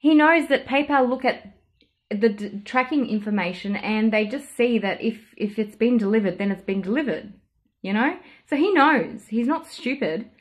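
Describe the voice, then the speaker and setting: Woman, perfume vlogger, casual and outraged storytelling, somewhat high voice. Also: moderate pace. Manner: animated, indignant retelling with quoted dialogue.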